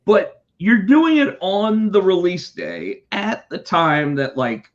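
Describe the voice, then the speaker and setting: A man telling a work story in casual chat, animated and profane, putting on voices for the callers. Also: a little high. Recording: dull lo-fi sound.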